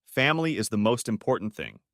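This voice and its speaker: A man's voice: lowish voice, big pitch swings, brisk, a bit bright, dry recording, studio quality. A man voicing a smug adult man who talks in a casual, offhand way.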